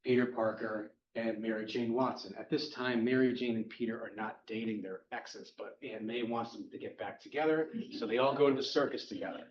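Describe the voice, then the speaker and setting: A man casually recapping a comic book plot in a chatty, wry way. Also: mid-range voice. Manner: chatty, wry, speeding through plot points. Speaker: podcast host recapping a comic. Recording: roomy, distant, dull-sounding mic.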